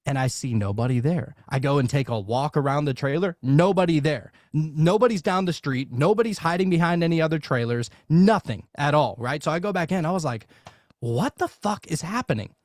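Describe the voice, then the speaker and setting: A man from Louisiana telling a long story in casual podcast chat, animated and swearing freely, with many fillers and restarts. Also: fairly high pitch, brisk, hardly any pauses, no echo, clean studio sound. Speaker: podcast guest.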